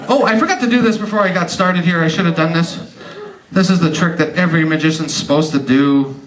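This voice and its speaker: A man performing stand-up comedy magic for a live audience, teasing them with quick joking asides. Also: on the high side, far from the mic. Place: live show venue. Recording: roomy live stage sound from off-mic, loud audience. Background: audience laughing.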